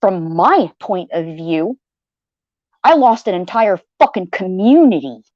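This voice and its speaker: A woman's voice: lowish voice, sing-song, unhurried, no room sound, lo-fi sound. Heated, blunt woman venting on a livestream. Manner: heated, blunt, swears freely, repeats phrases. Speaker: livestream host. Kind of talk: venting personal story to viewers.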